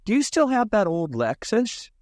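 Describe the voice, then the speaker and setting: A man's voice: huge pitch swings, moderate pace, a little mellow, no echo, clean studio sound. A man doing his eager boat-selling brother. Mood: upbeat. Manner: upbeat, folksy sales pitch.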